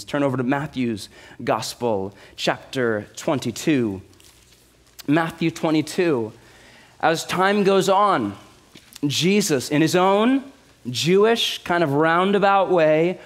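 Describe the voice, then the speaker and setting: A male pastor delivers a sermon with lively, animated storytelling, often pausing to ask his listeners "right?". His voice sits a little higher than most men's.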